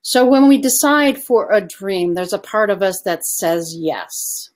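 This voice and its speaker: A woman's voice: medium pitch, expressive, measured pace, darkish tone. A woman success coach giving an online coaching presentation, asking her audience questions and inviting replies in the chat.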